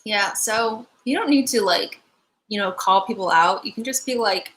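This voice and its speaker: A woman's voice: medium pitch, moderate pace, a bit bright. A woman giving a live-stream angel card reading, chatty and giggly, full of likes and ums.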